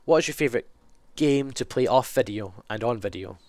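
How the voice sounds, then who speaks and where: A man's voice: medium pitch, expressive, fairly quick, a little mellow, no echo. A young man with a cold, answering fan questions in a rambling, self-correcting chat. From Scotland. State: sick with a cold, sniffly. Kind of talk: casual Q&A monologue.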